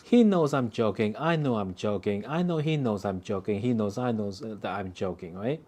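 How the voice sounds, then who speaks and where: A watch hobbyist gives casual commentary on a project, rambling and joking between remarks he mumbles about the work. His fairly low, slightly mellow voice moves at normal speed, with faint sanding and rubbing in the background.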